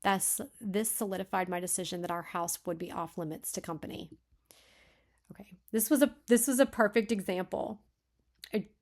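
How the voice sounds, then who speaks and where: A beta reader with a creaky, mid-range voice reads a manuscript aloud and critiques it. She thinks out loud, corrects herself often, and sometimes drops to a soft whisper.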